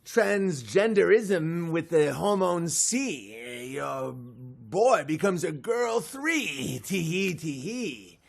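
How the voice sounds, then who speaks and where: A man's voice: fairly high pitch, big pitch swings, drawn-out words, vocal fry, few pauses, full character voice. A man putting on a rhyming leprechaun trickster. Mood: teasing. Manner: rhyming sing-song with giggling "tee hee". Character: impish sing-song male leprechaun trickster.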